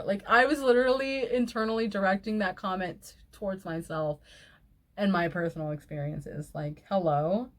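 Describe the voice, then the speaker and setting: A woman's voice: mid-range voice, moderate pace. Outspoken woman reading and reacting casually. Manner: outspoken and exasperated, swears, laughs often between remarks. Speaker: online video host reading reader posts. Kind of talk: reading posts aloud and reacting with casual commentary.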